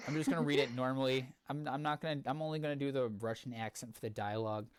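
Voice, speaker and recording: A man's voice: medium pitch, steady tone, fast talker, hardly any pauses, smooth, no room sound. Casual man reading fanfiction aloud, dry sound. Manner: casual and wry, many fillers between readings. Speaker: streamer host.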